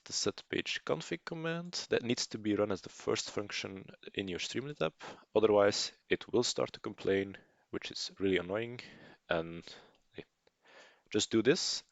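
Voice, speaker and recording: A man's voice: on the low side, no room sound. A man narrating a screencast coding tutorial, explaining casually with fillers and restarts. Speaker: programming tutor.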